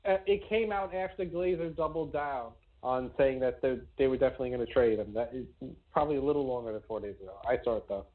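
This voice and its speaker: Male call-in host on a tinny line. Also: medium pitch. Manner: brisk, hands calls. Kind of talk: call-in sports talk. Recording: tinny phone-like audio.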